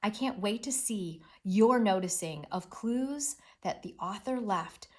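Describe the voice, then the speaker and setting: A woman teacher reads aloud to children and explains the story, her voice rising and falling a lot. She talks slowly and with clear emphasis, encouraging her listeners all the way through. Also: mid-range voice, lively intonation, a little mellow. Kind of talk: read-aloud reading lesson.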